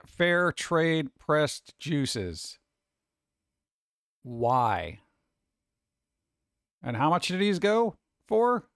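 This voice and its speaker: Excitable male host, slightly high voice, rambling exclamatory reactions, dead-dry mic. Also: clear, resonant tone, dry recording. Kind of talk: casual reaction commentary.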